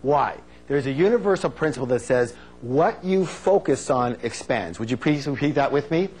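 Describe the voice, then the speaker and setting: A man giving a live motivational seminar on stage, energetic and playful, drawing call-and-response answers from the audience. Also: moderate pace, slightly rough. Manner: playful, acts out quotes in high silly voices.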